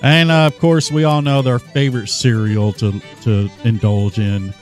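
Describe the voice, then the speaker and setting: A man's voice: mid-range voice, flat delivery, normal speed, faint music behind. A man co-hosting a sports podcast, joking and rambling with lots of fillers. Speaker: podcast co-host. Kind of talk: casual sports podcast chat.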